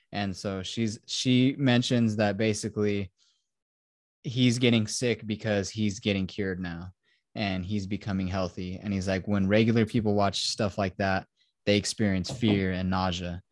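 A man's voice: lowish voice, steady tone, moderate pace, no echo, studio quality. A man hosting a podcast, casually retelling a film plot, acting out quotes and swearing freely. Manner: casual, profane, acts out quotes. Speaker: podcast host.

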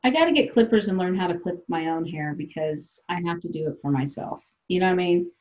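Her lowish voice moves briskly through dull-sounding audio as she hosts her podcast. The South Dakota woman keeps the conversation casual, laughing while she acts out other people's words.

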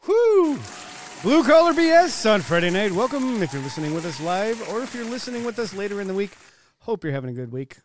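A man's voice: high-pitched, sing-song, fairly quick, a little hiss or hum. A man co-hosting a casual podcast, profane and joking, often laughing and mimicking others. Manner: profane, laughing, mock voices. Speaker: podcast co-host.

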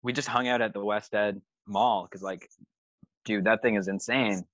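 A man's voice: on the low side, fairly even intonation, moderate pace, fairly bright tone, dry recording, muffled recording. A man in casual podcast chat, telling a tour story with lots of swearing and laughter. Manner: swears a lot, laughs through his story. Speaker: touring musician telling a story.

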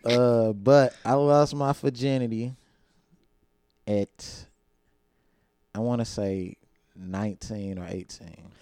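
A man's voice: mid-range voice, steady tone, slow, long pauses, warm tone, no echo, studio quality. A young man, telling stories in a laid-back, slangy way on a casual podcast chat. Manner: laid-back storytelling, slangy, laughs often. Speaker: podcast co-host.

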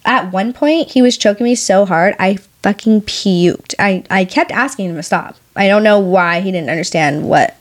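A woman's voice: medium pitch, moderate pace, hardly any pauses. A young woman with a mid-range voice, co-hosting a casual podcast. She talks frankly and crudely about what happened to her, in a candid, confessional way. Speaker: podcast co-host. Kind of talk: casual storytelling chat.

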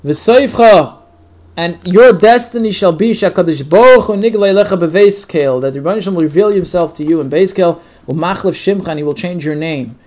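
A man with a fairly high voice teaches a weekly Torah portion, reading out each verse before explaining it. He mixes Yiddish words into his English and often restarts his sentences. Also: brisk, darkish tone. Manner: reads Hebrew verses then translates, with restarts and Yiddish words. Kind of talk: line-by-line Torah lesson with translation.

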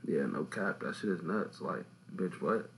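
A young man hosts a laid-back podcast chat with a lowish voice. He tells stories in loose slang and keeps jumping into loud, animated outbursts. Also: unhurried, rough recording. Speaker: podcast host.

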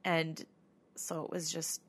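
A woman's voice: low-pitched, flat delivery, slow pace, a bit bright, husky. A woman co-hosting a podcast, telling a ghost-hunt story in a chatty way, with lots of fillers and laughs. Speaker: podcast co-host. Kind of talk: casual chat.

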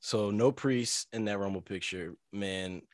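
Laid-back low-voiced man. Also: a little slow, a crowd in the background. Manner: laid-back, skeptical, slangy. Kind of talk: casual chat.

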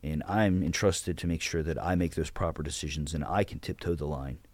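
A blunt, profane man in his thirties, guesting on a podcast, tells stories of how he ran his platoon, retelling his own orders in casual interview style. His voice is extremely low, a little mellow, and brisk, on a dry recording.

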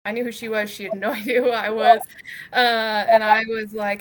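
A young adult woman, appearing as a podcast guest, shares her story in a chatty, casual way, full of "like" and "um" and relaxed swearing. Her voice is a little high with little pitch movement, her pace is moderate, and a loud crowd can be heard.

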